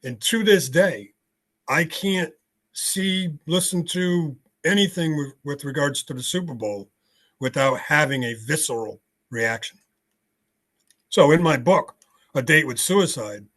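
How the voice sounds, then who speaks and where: A man's voice: medium pitch, a little slow, fairly bright tone. An older American man, a podcast guest on a video call, telling his story bluntly with frequent fillers. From United States. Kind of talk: storytelling interview.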